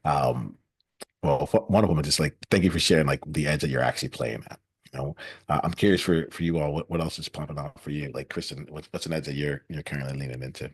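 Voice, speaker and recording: A man hosting a roundtable podcast, asking loose questions with halting restarts. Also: a bass voice, breathy edge, dry recording. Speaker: podcast host.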